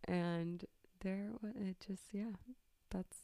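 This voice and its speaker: A woman's voice: mid-range voice, steady tone, slow, dark tone, dry recording. A young woman telling a personal story in casual chat, candid, swearing freely and laughing often.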